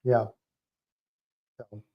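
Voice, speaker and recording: A man co-hosting a livestream, chatting casually and rambling with fillers. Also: dull audio. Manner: relaxed, rambling, halting with fillers. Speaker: livestream co-host. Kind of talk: casual chat.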